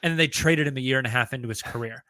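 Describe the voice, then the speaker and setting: A man's voice: medium pitch, very fast, sharp tone. A man co-hosting a casual sports podcast, reading out trade rumors and arguing his points emphatically. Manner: emphatic, argues by role-playing hypotheticals.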